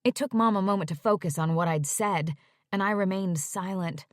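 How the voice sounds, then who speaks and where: A woman narrating a first-person romance audiobook in a measured storytelling voice. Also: mid-range voice, dry recording, studio quality.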